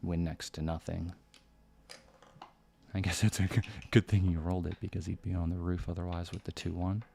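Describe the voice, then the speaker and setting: A man giving live game commentary in a hushed, near-whispered voice, thinking aloud about each move. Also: low voice, level tone, normal speed, vocal fry, a little hiss or hum. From United States. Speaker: backgammon commentator.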